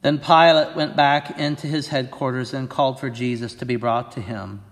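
A man, a pastor, reading scripture aloud and preaching at a church service in a clear, earnest voice. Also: mid-range voice, fairly even intonation, moderate pace, long reverb tail.

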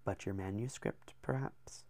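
Man voicing a hushed breathy hooded templar, calm and low, dry audiobook sound. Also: unhurried, no echo. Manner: quiet, breathy, near whispered, oddly accented. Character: calm hooded male Templar, quiet and mysterious.

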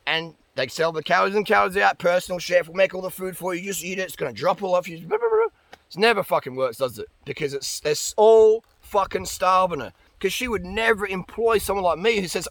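A man's voice: high voice, lively intonation, a little fast, fairly bright tone, dry recording. A man ranting bluntly and profanely about dieting as a vlogger. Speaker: diet and fitness vlogger. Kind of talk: ranting monologue.

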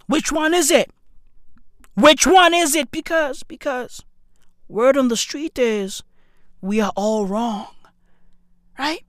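A woman in a slangy, profane comedic rant who keeps asking rhetorical questions and swings from shouting to hushed muttering. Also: fairly high pitch, dry recording, studio quality. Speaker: commentator.

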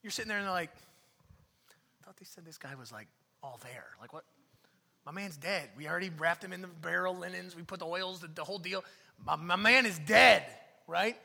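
Animated preacher man with a gravelly voice. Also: high voice, a little fast. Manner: animated, swings between shouting and hushed near-whispers. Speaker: pastor. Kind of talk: sermon. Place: church sanctuary. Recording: long hall reverb.

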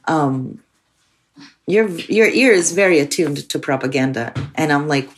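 Low-voiced woman telling her story. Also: lively intonation, measured pace, slight background noise. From Soviet Union. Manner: candid, frequent "like" fillers. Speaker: filmmaker guest. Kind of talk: personal storytelling.

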